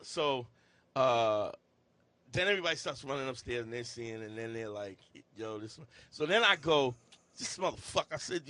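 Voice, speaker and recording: A middle-aged man co-hosting a podcast, telling a loud, profane story and acting out the voices in it. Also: mid-range voice, animated, moderate pace, no room sound. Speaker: podcast co-host. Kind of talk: casual storytelling chat.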